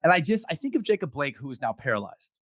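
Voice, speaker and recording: A man's voice: fairly high pitch, very animated, fairly bright tone. Impassioned man hosting a discussion. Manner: impassioned, halting with repeated restarts. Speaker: podcast host. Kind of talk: emotional casual discussion. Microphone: video call.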